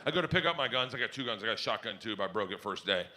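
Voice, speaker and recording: A middle-aged man doing stand-up comedy on stage, telling a story loudly and excitably, breaking into yelled punchlines. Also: lowish voice, very fast, over loud music. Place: stage before a live audience. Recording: live show with loud crowd laughter.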